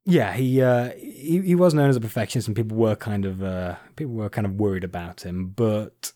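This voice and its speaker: Male podcast host, rambling explanations, fillers, dry sound, low pitch. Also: a little fast, dark tone, no echo. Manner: rambling, many fillers and restarts. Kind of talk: casual chat.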